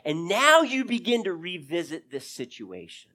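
Speaking at a moderate pace with a high-pitched voice, a pastor delivers a sermon to his church. He plays out prayers and dialogues with animation and now and then lowers his voice to a near whisper.

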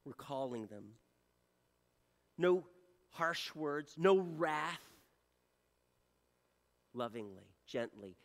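A man preaching a sermon to his church. He shifts from loud appeals to soft, hushed lines. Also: medium pitch, big-room sound. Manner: earnest preaching, swings from loud appeals to soft near-whispers. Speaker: pastor.

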